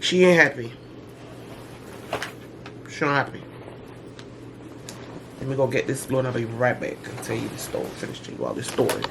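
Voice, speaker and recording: A woman's voice: rumbling low, normal speed, creaky, long pauses, noisy background. Chatty middle-aged woman telling stories. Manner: animated, chatty storytelling with slang and dramatic asides. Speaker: vlogger. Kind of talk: casual storytime chat to camera.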